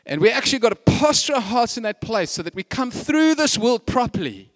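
Animated high-voiced male pastor preaching. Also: a little fast, dry recording, clean studio sound. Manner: animated storytelling, repeats phrases, chatty asides. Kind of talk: sermon.

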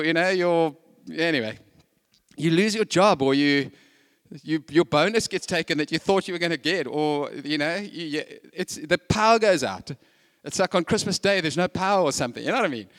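A man preaching a sermon as pastor, telling a story in a chatty, animated way with lots of repeated phrases and asides. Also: on the high side, dry recording, clean studio sound.

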